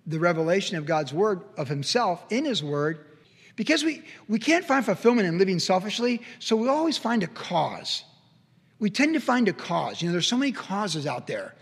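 High-voiced male preacher in a reverberant hall. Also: slightly rough. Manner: emphatic preaching with sudden swings between loud and soft. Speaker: pastor. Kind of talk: sermon.

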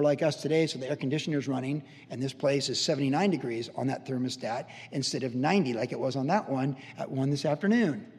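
A man pastor giving a conversational, animated sermon, telling stories with frequent restarts. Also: on the high side. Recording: long reverb of a church hall.

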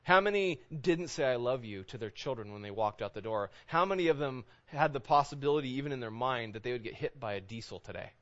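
A man's voice: medium pitch, expressive, fast, hardly any pauses, fairly bright tone, highs cut off. A man in his thirties preaching a sermon in a conversational way, full of rhetorical questions. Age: 30s. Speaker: pastor.

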